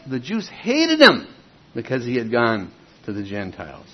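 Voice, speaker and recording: A man's voice: fairly high pitch, big pitch swings, moderate pace. A man teaching from the Bible in a casual, emphatic way, stressing key words and reading verses aloud. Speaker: preacher. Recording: dull lo-fi recording.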